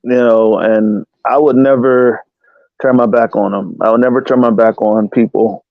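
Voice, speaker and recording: A man's voice: mid-range voice, fairly even intonation, moderate pace, vocal fry, no echo, narrow, tinny audio. A man in casual chat who talks in a slangy, firm and determined way.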